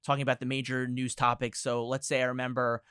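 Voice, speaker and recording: Brief: quick, clear-voiced young male guest, hedging rambler, dry close-miked sound. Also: mid-range voice, completely flat delivery, bright, forceful tone, no room sound. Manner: hedging, rambling, many kinda and like fillers. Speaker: podcast guest. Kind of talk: casual podcast chat.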